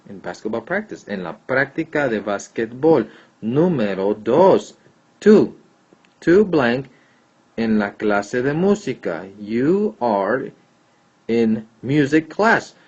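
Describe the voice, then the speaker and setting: This classroom Spanish grammar lesson features a man whose mid-range voice has a darkish tone and breathy edge. He patiently repeats points and checks answers out loud, and the recording sounds dull and lo-fi.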